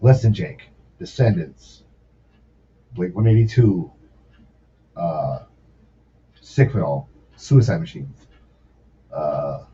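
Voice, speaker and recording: Slow and low-pitched, pausing often, the forty-something podcast guest who used to be a sous chef rambles through animated stories full of cursing. It's a casual chat, captured dully and lo-fi by a distant mic, with faint noise in the background.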